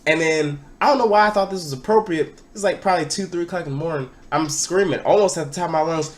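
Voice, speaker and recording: A young man vlogging, telling a party story in a casual, excitable way and sometimes shouting out what people said. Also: a little high, fast. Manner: animated, excitable, breaks into loud acted-out quotes.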